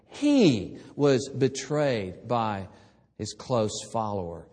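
A man preaching a sermon, swinging between hushed, quiet passages and loud, emphatic ones. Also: mid-range voice, big-room sound.

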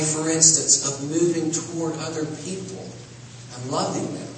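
A man's voice: a little high, fairly even intonation, normal speed, slight background noise. Man preaching in an echoey hall. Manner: conversational, with bursts of playful mimicry. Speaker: pastor. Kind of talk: sermon. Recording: echoey hall, mic at a distance.

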